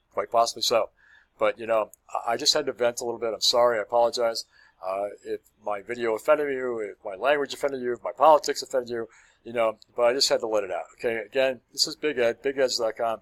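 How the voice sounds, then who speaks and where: A man's voice: mid-range voice, brisk, no echo. Earnest man ranting to camera. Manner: earnest, pleading, repeats words and apologizes. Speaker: vlogger. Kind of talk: impassioned ranting monologue to camera.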